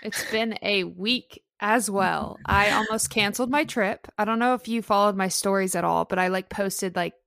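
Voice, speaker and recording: A woman's voice: medium pitch, moderate pace, vocal fry, hardly any pauses, no room sound, clean studio sound. A young adult woman co-hosting a podcast, telling a story in casual chat with lots of fillers. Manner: chatty, animated storytelling with many fillers. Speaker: podcast co-host.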